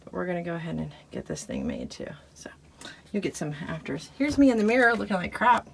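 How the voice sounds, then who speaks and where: A woman's voice: on the low side, huge pitch swings, fast talker, creaky, slight background noise. A woman vlogging casually inside her RV, chatty and laughing at herself, out of breath from the chores. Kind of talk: casual vlog, talking to camera while doing chores. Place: inside a small RV.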